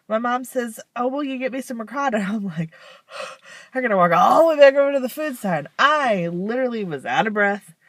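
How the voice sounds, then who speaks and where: A woman's voice: medium pitch, no echo. A woman talking casually to camera in a rambling, frank way, with weary self-deprecating laughs. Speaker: vlogger. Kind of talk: casual confessional vlog.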